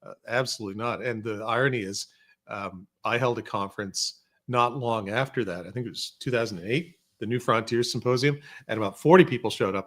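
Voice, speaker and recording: A man in a podcast studio telling animated, humorous stories as a guest, sometimes slipping into voices for quotes. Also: on the low side. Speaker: podcast guest, former researcher and filmmaker. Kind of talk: casual storytelling chat.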